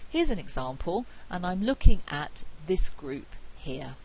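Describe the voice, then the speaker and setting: A woman with a non-rhotic British accent giving a university phonetics lecture, clear and deliberate, slowing down to demonstrate sounds. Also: lowish voice, big pitch swings, darkish tone, a little hiss or hum, poor audio. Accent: non-rhotic British English.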